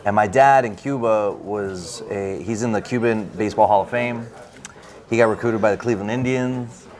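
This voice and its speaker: A man, an author, telling an animated, casual story at a bookstore event, full of "like" fillers. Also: on the low side, normal speed. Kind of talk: casual anecdote in an interview.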